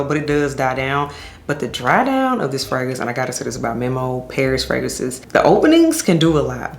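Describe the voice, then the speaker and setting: A woman's voice: deep voice, a little hiss or hum. Enthusiastic woman in an echoey room. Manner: enthusiastic, addresses viewers as y'all. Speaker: fragrance reviewer. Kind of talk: casual vlog chat to camera. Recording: echoey room with faint ambience.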